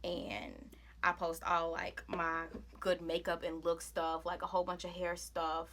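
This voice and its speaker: Chatty young woman with bright voice. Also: fairly low pitch, unhurried. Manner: chatty, rambling, dramatic outbursts. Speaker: beauty vlogger. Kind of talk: casual makeup vlog chat.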